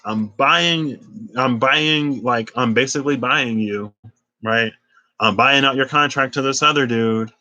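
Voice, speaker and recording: A man's voice: medium pitch, measured pace, pushed and bright, dry recording. A man doing a smitten, pleading older man. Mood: earnest. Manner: earnest, pleading, raised voice.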